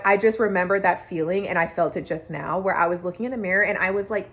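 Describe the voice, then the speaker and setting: A woman's voice: fairly high pitch, fast talker, hardly any pauses. A young woman vlogger telling a personal story, candid and emotional, with many "like" fillers.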